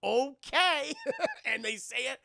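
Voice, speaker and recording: A man's voice: high voice, animated, normal speed, vocal fry, bright, forceful tone, dry recording. A young man casually recapping a film for his live chat, swearing a lot and acting out lines from the scenes. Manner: profane, rambling, acts out quotes. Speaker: streamer reviewing a film.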